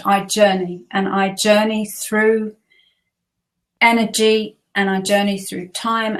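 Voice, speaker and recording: A woman co-hosting a casual spiritual chat, earnest and reflective. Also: medium pitch. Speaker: co-host.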